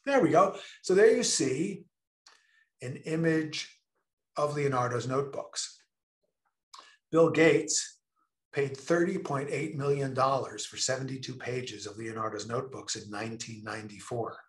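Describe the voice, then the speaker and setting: Slow, emphatic man presenting. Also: medium pitch, echoey room. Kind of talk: online presentation.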